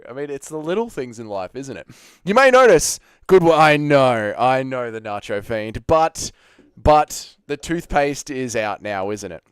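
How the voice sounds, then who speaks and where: A man's voice: mid-range voice, smooth, no echo, clean studio sound. A man hosting a casual live stream, greeting viewers by name and swearing freely. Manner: lively, swearing, chatty with viewers. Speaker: streamer host.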